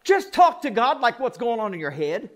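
A man's voice: very high-pitched, very animated, moderate pace, a bit bright. A man preaching a sermon as pastor, folksy and plain-spoken. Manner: folksy, plain-spoken, mock voices for effect.

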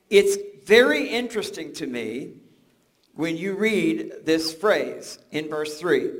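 A man's voice: a little high, a bit bright. An older man preaching a sermon, conversational and joking, often restarting his words. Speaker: pastor.

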